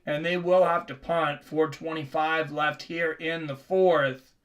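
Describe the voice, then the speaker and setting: A man's voice: fairly high pitch, steady tone, a little slow. A man from the Seattle area hosting a live sports reaction stream, chatting casually with viewers between plays.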